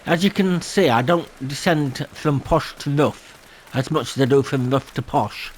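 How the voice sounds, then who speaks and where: A man's voice: medium pitch, measured pace, a little hiss or hum. A man hosting a gameplay video, rambling and self-deprecating and laughing often. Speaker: gaming channel host. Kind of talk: casual gameplay commentary.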